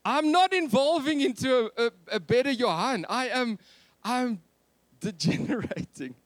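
Thirties male pastor, jokey sermon, very expressive pitch. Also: unhurried, no echo. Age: 30s. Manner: animated, jokey, swings between loud and soft. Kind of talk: Christmas sermon.

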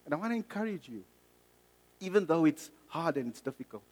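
A man's voice: fairly high pitch, sing-song, a little fast, big-room sound, poor audio. A middle-aged man from South Africa and Mozambique preaching a sermon, earnest and personal, telling a story with frequent restarts.

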